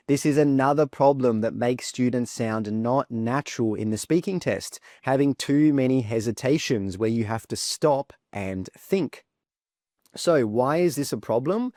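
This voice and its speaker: A man teaching an English speaking lesson in a clear, deliberate way, modelling words as examples. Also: mid-range voice, animated, darkish tone, dry recording, studio quality. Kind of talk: instructional video lesson.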